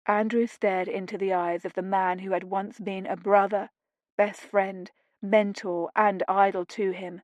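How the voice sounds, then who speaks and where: A woman reading a romance audiobook in steady, measured scripted narration on a close mic. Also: medium pitch, no room sound, highs cut off.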